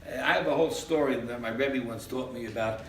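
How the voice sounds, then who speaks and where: A man teaching a Torah class as a rabbi, animated, acting out little scenes in funny voices and laughing along. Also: medium pitch, brisk. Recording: echoey room, mic at a distance, faint background hiss.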